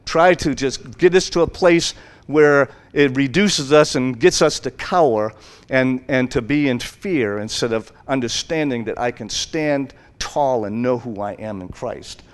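A man's voice: medium pitch, a little slow, smooth. A man preaching an informal sermon in a rambling, conversational way, full of fillers, acting out the quotes. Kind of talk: informal sermon retelling a Bible story.

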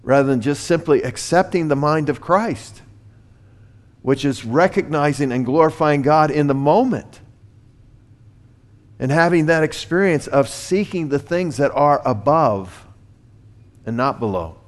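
A man preaching a sermon with an earnest, steady delivery and a voice pitched a little high. He builds in force and volume as he drives his main points home. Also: unhurried, pauses often. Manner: earnest preaching that swells louder on key points. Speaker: pastor.

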